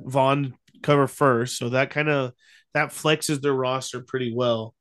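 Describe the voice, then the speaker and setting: A man's voice: medium pitch, steady tone, measured pace. A young man co-hosting a podcast, chatting casually about baseball with easygoing ums and restarts. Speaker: podcast co-host. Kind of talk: casual sports chat.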